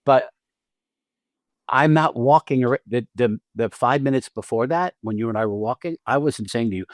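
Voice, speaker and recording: A man co-hosting a podcast about acting, chatting in an animated way, acting out quotes and often laughing. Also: medium pitch, normal speed, dry recording, clean studio sound. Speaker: podcast co-host and acting teacher. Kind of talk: casual conversational podcast chat.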